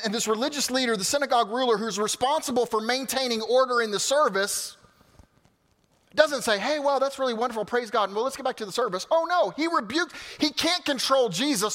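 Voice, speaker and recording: A male pastor preaching a sermon, swinging from loud exclamations to quiet, casual asides. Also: very high-pitched, lively intonation, fairly quick. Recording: hall reverb.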